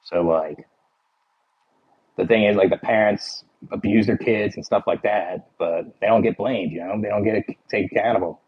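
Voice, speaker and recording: Husky Philly-accented man chatting on stream. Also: lowish voice, moderate pace, muffled recording. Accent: Philadelphia. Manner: rambling, full of "like" and "you know". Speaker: livestreamer. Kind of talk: casual chat with viewers.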